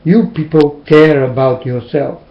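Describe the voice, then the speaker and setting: A man's voice: fairly high pitch, unhurried, gravelly. A man delivering a preachy, scolding monologue to his listeners, with emphatic, plain and slightly non-standard phrasing. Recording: roomy, dull lo-fi recording.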